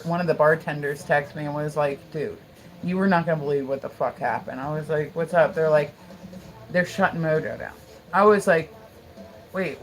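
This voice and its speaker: A woman's voice: lowish voice, fairly bright tone, a little hiss or hum, low-quality recording. A woman livestreaming, chatting casually and swearing freely as she tells a story and thanks her viewers.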